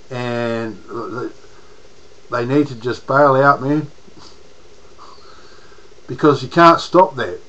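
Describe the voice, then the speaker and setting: A man's voice: medium pitch, sharp tone, highs cut off. A man with a New Zealand accent, rambling in a casual monologue to camera as a political vlogger, restarting his sentences often and using slang.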